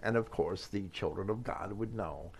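A man giving a scripture commentary, reading verses aloud with measured emphasis. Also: deep voice, slightly rough. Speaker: Bible teacher.

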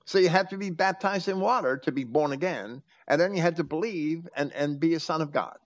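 A man's voice: a little high, fairly quick. A man hosting a talk, teaching from scripture with emphatic quoting. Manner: preachy, quotes scripture with emphasis. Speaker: host.

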